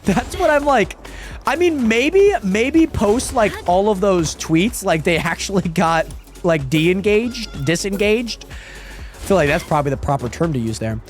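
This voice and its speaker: Guy streaming a game, chatty and rambly, high voice, faint music behind him. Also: lively intonation, unhurried. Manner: chatty, reads chat aloud, trails off and repeats words. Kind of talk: casual live-stream chat while gaming.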